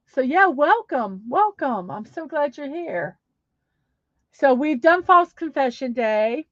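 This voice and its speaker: Slow-talking chatty woman streamer. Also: a little high, no echo. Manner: chatty, upbeat, reads comments aloud with giggles. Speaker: livestream host. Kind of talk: casual livestream chat, reading chat aloud. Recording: dull lo-fi sound.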